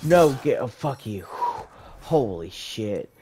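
A gamer giving excited commentary, swearing often and crying out in panic while laughing at their own mishaps. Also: medium pitch, slow, very noisy. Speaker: gamer playing live. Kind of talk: game commentary.

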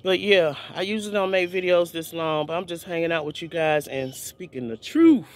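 A man with a notably high voice delivers an informal video sermon. He preaches fervently, circling back on his words and repeating phrases for emphasis. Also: moderate pace. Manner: fervent, repetitive, many restarts.

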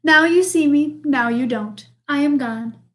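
A woman voicing a small, polite male mouse who speaks softly and genteelly. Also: high voice, unhurried. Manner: polite, soft-spoken and genteel.

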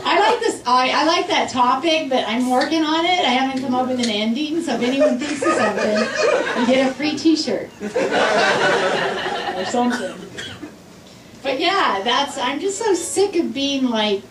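A woman's voice: sits high, lively intonation, normal speed, very noisy. A woman doing a stand-up comedy set in a club, sarcastic and irritated, with a playful edge. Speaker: stand-up comic. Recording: roomy club sound from far off, loud laughing crowd.

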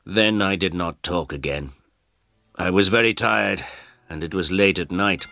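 A man narrating a story in the first person for English learners, in simple, clear sentences. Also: low-pitched, a little slow, sharp tone, no echo.

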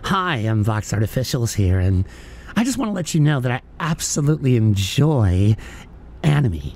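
A man calling in to a radio show, earnest and deadpan. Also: medium pitch, normal speed. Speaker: caller. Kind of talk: mock radio call-in.

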